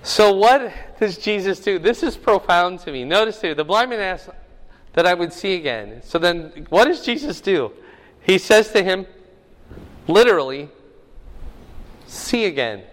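A man's voice: sits high, expressive, moderate pace, big-room sound. A man preaching a sermon, teaching the meaning of Greek words with rising emphasis. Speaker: pastor.

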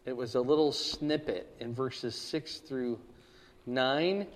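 A man's voice: medium pitch, slow, in a large hall. A man teaching a Bible study in a conversational way, often checking in with his listeners with "right?" and "okay?".

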